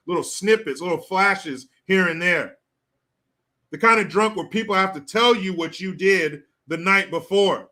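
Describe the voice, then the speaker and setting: A man's voice: high voice, pushed and bright. A man hosting a political commentary show, ranting in a profane, sarcastic way. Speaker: host.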